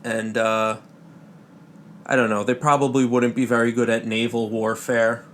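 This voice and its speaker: A man hosting a podcast, rambling through a comedy monologue in a halting way, with jokey asides. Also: medium pitch, flat delivery, fairly bright tone, slight background noise. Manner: halting, full of fillers and restarts, jokey asides. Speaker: podcast host.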